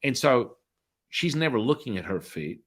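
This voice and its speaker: A man's voice: medium pitch, sing-song, moderate pace. A middle-aged man, a spiritual healer, telling a story in a casual interview and acting out the voices of people in it.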